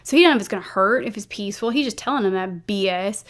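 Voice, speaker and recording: A woman's voice: medium pitch, fast talker. A woman hosting a true crime channel, telling the story casually with lots of fillers, emotional moments and blunt asides. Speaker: true crime YouTube host.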